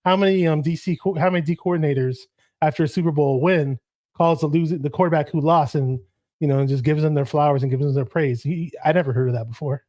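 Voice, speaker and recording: A man co-hosts a sports podcast and talks fast and conversationally, with plenty of fillers. His voice is a little high, and the recording is dry and close. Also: darkish tone, no echo. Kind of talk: casual sports podcast chat.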